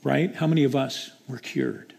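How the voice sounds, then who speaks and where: Gravelly-voiced male preacher. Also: medium pitch, normal speed, darkish tone. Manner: dramatic storytelling. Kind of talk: sermon.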